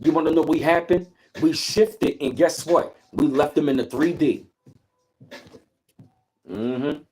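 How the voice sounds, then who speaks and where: A man's voice: on the high side, slow pace, pauses often, a little mellow. A man hosting a livestream. He gives a casual, preachy motivational talk, greets his chat and repeats his points. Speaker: livestream host.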